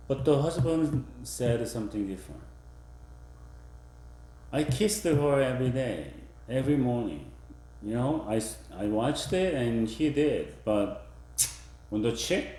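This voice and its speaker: Slow, mellow-voiced male professor lecturing. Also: on the low side, reverberant. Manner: demonstrative, acts out example phrases in different tones; halting, with fillers and restarts. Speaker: university professor. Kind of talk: classroom lecture.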